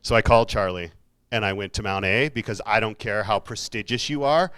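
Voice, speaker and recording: A man's voice: fairly low pitch, fairly quick, fairly bright tone, smooth. A man giving a casual, jokey motivational talk to students, with self-mocking asides, speaking in a university hall. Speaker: keynote speaker.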